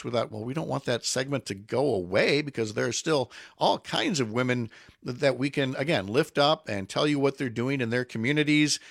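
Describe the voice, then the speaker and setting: A man's voice: medium pitch, vocal fry, no room sound, clean studio sound. A man hosting a radio talk show, friendly and teasing, with some stammering restarts. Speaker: radio host. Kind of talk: casual radio interview. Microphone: studio mic.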